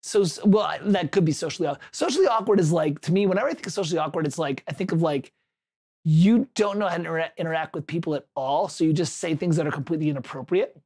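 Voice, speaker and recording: A man's voice: a little high, quick pace, a little mellow. A man hosting a livestream, chatting casually, telling a rambling anecdote with self-corrections and answering viewers' chat.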